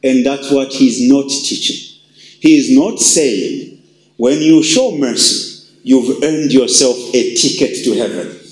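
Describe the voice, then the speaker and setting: A man preaching a sermon as pastor, emphatic and repetitive, with wide swings in pitch for emphasis. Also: takes it slowly. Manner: emphatic, repeats phrases, shifts pitch widely for emphasis. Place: church. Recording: echoey church hall.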